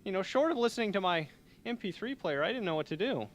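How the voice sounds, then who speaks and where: A man's voice: high voice, animated, fast. A young man hosting a college radio show, chatting and joking in a loose, rambling, self-mocking way from a small studio. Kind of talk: rambling comedic radio chat.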